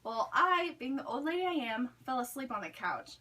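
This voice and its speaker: High-voiced chatty young woman storyteller. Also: sing-song, a little fast, pushed and bright. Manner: chatty, many "like" fillers. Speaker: student speaker. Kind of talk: storytelling speech. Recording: recorded from a distance.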